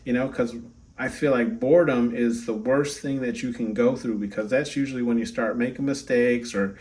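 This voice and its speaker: A man's voice: medium pitch, steady tone, normal speed, a little mellow, distant mic. A man giving a casual oracle card reading, chatty, peppering his talk with "right?" and "okay?". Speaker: tarot reader.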